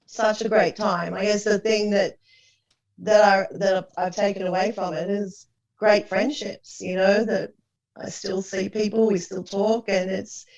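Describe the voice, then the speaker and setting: A woman's voice: mid-range voice, level tone, measured pace, darkish tone, roomy sound. A woman recalling her years as an actress in an enthusiastic, easygoing interview. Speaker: actress guest. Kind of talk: casual interview reminiscing. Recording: dull lo-fi sound.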